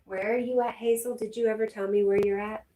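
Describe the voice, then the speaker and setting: A woman's voice: medium pitch, flat delivery, quick pace, dark tone. A woman from Connecticut hosting a casual livestream, chatting, laughing often and reading viewer comments aloud. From Connecticut, USA. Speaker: livestream host.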